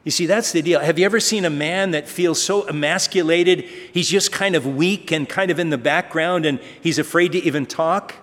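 A man's voice: on the high side, moderate pace, hardly any pauses, a bit bright. A man preaching a sermon as pastor, telling stories conversationally and asking rhetorical questions. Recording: long reverb of a large hall.

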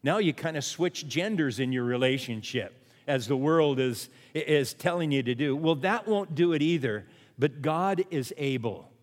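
A man's voice: fairly high pitch, lively intonation, unhurried, in a large hall. A man preaching a sermon as pastor, who repeats refrains and asks his listeners questions.

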